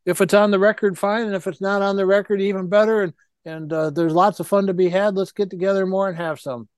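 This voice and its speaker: A male podcast guest with a high, clear voice who talks quickly. He sounds genial and joking, and casually invites the host out for more time together. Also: steady tone, dry recording, studio quality. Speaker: interview guest, fishing writer. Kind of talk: casual interview chat.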